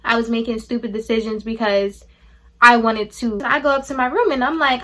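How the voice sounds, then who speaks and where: A woman's voice: fairly high pitch, a little fast, fairly bright tone. A young adult woman telling a personal story to her viewers, blunt and profane, acting out the people she quotes. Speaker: vlogger. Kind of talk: storytime chat to camera.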